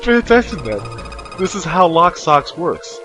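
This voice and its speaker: A man's voice: fairly high pitch, big pitch swings, moderate pace, music in the background, rough recording. A man voicing a cheerful, teasing young woman in a game, in a raised, playful girlish delivery.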